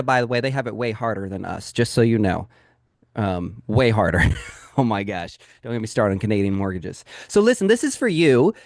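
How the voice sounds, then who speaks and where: An upbeat male real estate sales coach leads a live training webinar in a medium-pitched voice, recorded dry and close with no room sound. He is energetic and emphatic, addressing the audience directly.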